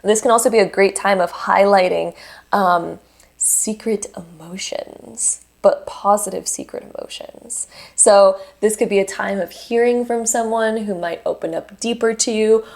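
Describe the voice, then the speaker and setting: A woman's voice: mid-range voice, steady tone, moderate pace, a little mellow. A woman presenting a monthly astrology forecast in an unscripted, earnest and encouraging way, with fillers and restarts. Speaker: astrology YouTuber.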